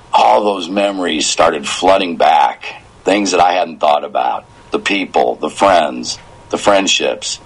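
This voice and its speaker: A very deep-voiced man in his fifties talks about his career as a voice actor in a relaxed interview. He tells his stories with feeling and acts out little quoted asides. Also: breathy edge, poor audio. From United States. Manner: emotional, animated storytelling with quoted asides. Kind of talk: casual interview talk.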